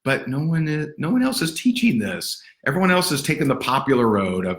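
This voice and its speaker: A man giving livestream sales training in an energetic, sarcastic, punchy motivational way. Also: mid-range voice, a little fast, hardly any pauses. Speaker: network marketing trainer. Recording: roomy echo.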